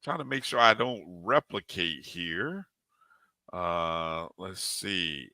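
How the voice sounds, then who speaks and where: A man's voice: deep voice, big pitch swings, takes it slowly, sharp tone, no room sound. A man co-hosting a live sports talk show, animatedly greeting chat viewers one by one by name.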